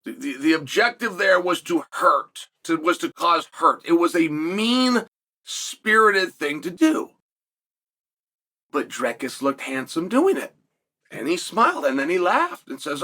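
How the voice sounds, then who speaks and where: A man's voice: high voice, expressive, moderate pace, bright, forceful tone. A man hosting a solo sports commentary, talking emphatically and building his points through repetition.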